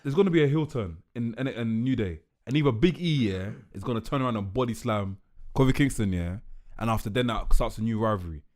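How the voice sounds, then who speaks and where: Podcast co-host, man, rapid lively delivery, excitable. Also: mid-range voice. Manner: quick, excited predictions with repeated phrases. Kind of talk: casual chat.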